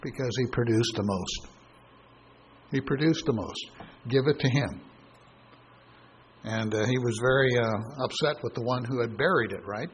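A man giving a sermon as a Bible teacher. He reasons aloud through scripture, pauses on fillers and voices imagined objections. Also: medium pitch, a little hiss or hum, poor audio.

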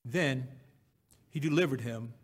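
A man preaching a sermon, reading scripture aloud and breaking off to explain it, swinging from loud emphatic cries to hushed near-whispers. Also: medium pitch, unhurried, breathy edge.

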